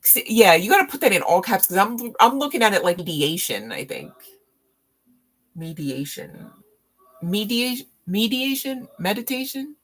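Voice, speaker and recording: A woman's voice: on the low side, sing-song, breathy edge. A woman reading tarot on a live stream, chatting casually with viewers, laughing often and teasing them. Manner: slow, drawn-out speech with fillers.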